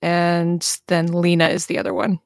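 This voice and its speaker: Low-voiced woman explaining her character. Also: completely flat delivery, normal speed, no room sound. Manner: laughing, explaining at length. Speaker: player. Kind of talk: casual tabletop game chat.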